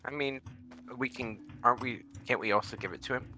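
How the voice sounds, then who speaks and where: A man chatting casually during a co-op video game, halting and full of fillers. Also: mid-range voice, fairly even intonation, pushed and bright, faint music behind. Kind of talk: casual gameplay chat.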